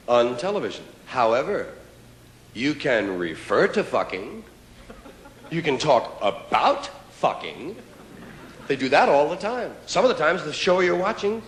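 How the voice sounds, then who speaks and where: A man performing a stand-up comedy routine, riffing and mock-indignant, with sudden loud outbursts, recorded live on stage. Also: medium pitch, slight background noise. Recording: old live recording, roomy hall with audience laughter. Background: audience laughter.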